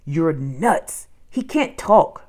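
A woman's voice: deep voice, very animated, very slow, exaggerated voice. A woman reading a children's audiobook, voicing a cautious, skeptical young boy in a doubtful, fretful tone. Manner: doubtful, fretful, sometimes shouting.

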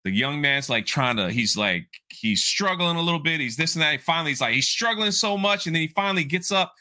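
A man hosting a podcast, retelling a story in a lively, animated way. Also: a little high, brisk, hardly any pauses. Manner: animated storyteller, acts out quoted voices. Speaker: podcast host. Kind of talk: casual podcast chat.

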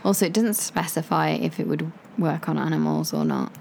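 A woman co-hosting a casual chat podcast, playful and quick to laugh. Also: sits low, gravelly, a little mellow, a little hiss or hum. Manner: playful, laughs often, trails into joking asides. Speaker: podcast co-host.

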